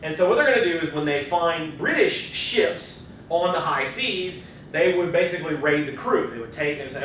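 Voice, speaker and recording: A male history professor lecturing in a relaxed, chatty way, his voice a little high for a man. He is picked up from a distance in a very echoey lecture hall, with a faint low rumble underneath. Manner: casual and conversational, with quick asides. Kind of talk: university lecture.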